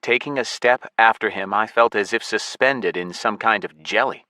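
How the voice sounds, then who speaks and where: Deep-voiced man narrating an audiobook. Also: normal speed, sharp tone, dry recording. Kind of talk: first-person audiobook narration.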